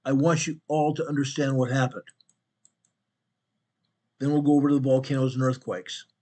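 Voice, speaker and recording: A man hosting a talk show, hoarse and losing his voice from laryngitis, speaking bluntly and calling his listeners "guys". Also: mid-range voice, steady tone, normal speed, a little mellow. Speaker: host. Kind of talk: casual political talk show.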